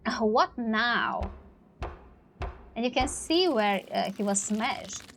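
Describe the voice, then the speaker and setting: A woman's voice: fairly high pitch, lively intonation, takes it slowly, a bit bright, a little hiss or hum. A woman streaming a story game, reading its dialogue aloud and commenting on it. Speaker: gaming streamer. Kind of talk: let's play commentary.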